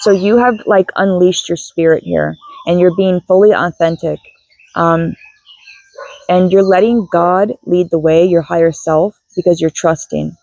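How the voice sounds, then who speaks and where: A woman who is a spiritual guide. She leads a soft, unhurried guided meditation and then chats casually through a card reading, recorded on a phone with a clip-on mic. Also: on the low side, fairly even intonation, creaky, poor audio. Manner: soft and unhurried while guiding, chatty and apologetic between. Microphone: phone with a clip-on microphone.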